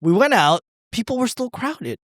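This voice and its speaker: Animated, swearing man telling a story. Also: very high-pitched, moderate pace, no room sound, clean studio sound. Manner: rambling, profane, laughing, acts out quotes. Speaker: podcast co-host. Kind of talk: casual storytelling chat.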